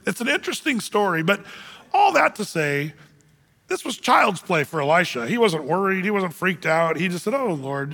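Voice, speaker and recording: A man delivers a sermon in a large, echoing hall. His voice sits high and bright, and he tells the scripture story with animated energy, slipping into little voices for the characters. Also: husky. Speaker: pastor.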